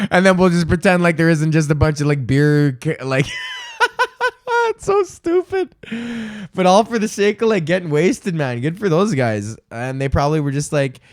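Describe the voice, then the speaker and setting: A man's voice: fairly high pitch, sing-song, normal speed, dry recording, studio quality. A man in his twenties hosting a comedy podcast, ranting profanely and rambling as he laughs at his own jokes. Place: room at home, on camera.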